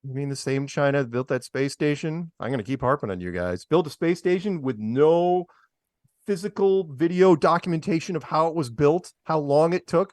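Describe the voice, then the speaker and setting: A man hosts a loose talk show, picking apart headlines with mocking, sarcastic asides. His pitch swings widely as he riffs, sitting a little above the usual male range. The sound is dry and close, with almost no room. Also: animated, normal speed, darkish tone, dry recording. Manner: sarcastic, mocking, laughs at his own jokes. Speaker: podcast host. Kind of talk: casual chat show commentary.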